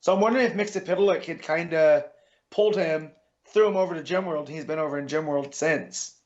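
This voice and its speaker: A man on a podcast chatting with eager enthusiasm. His voice sits a little high for a man and comes through a dull, lo-fi microphone. He talks loosely, with fillers. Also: a little fast. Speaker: podcast co-host. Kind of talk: casual chat.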